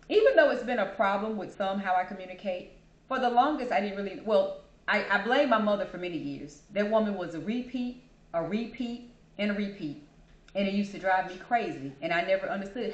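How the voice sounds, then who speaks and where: A woman hosting her own show, talking casually and chattily about herself and calling listeners "baby". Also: mid-range voice. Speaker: podcast host. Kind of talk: casual personal monologue. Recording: echoey room.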